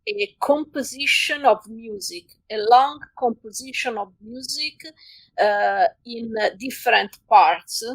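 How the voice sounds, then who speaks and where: A woman whose first language is Italian, co-hosting a podcast and speaking hesitantly with many pauses and fillers. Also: fairly high pitch, no room sound, poor audio. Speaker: podcast co-host. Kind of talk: casual podcast chat.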